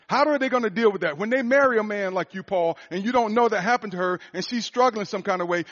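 A high-pitched man, a motivational speaker and coach, tells a personal story in a sermon style. He speaks earnestly, often restarting and repeating phrases, and the recording is dull and lo-fi.

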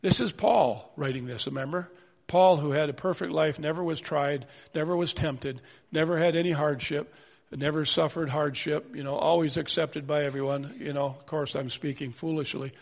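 Guy preaching a sermon, earnest and pleading, raspy gravelly edge, big reverby hall sound. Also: a little high, fairly even intonation, moderate pace. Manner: earnest, pleading, rhetorical questions.

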